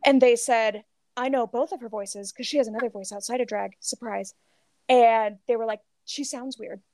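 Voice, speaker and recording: High-voiced animated gossiping woman. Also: normal speed, dry recording. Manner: animated storytelling, heavy filler "like", swears freely. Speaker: podcast co-host. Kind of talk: casual gossip chat.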